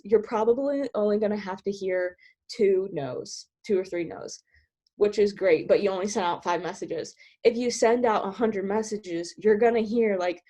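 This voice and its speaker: A bubbly woman rattles off advice at a quick clip, giggling between thoughts and peppering every sentence with "like". Her voice sits at an ordinary middle pitch. She comes through the compressed sound of a video call. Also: warm tone. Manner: bubbly, giggly, filler-heavy with many "like"s; talks fast. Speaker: team trainer sharing sales tips. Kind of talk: casual coaching talk.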